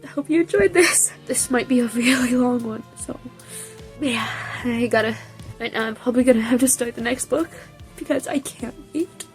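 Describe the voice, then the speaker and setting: A woman's voice: fairly high pitch, moderate pace, soft background music. A young woman vlogger reading a novel aloud, then reacting tearfully and emotionally.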